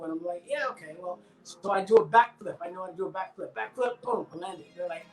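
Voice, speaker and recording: A middle-aged man, an actor and guest on a live-stream interview, who tells stories in a lively casual way and acts out the dialogue of the people in them, heard over a video call. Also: high voice, a little fast, hardly any pauses, reverberant, poor audio.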